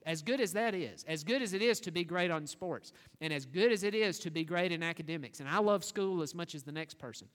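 A man preaching a sermon, earnest and full of rhetorical questions, building to an emphatic scripture reading. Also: fairly high pitch. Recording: long reverb of a church hall.

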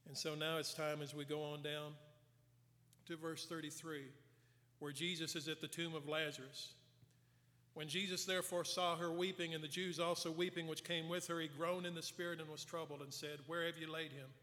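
In a church sanctuary, an earnest man with a slightly high voice delivers a sermon that echoes with long hall reverb. His delivery is flat and moderately paced as he retells scripture with voiced quotes, going soft for emphasis.

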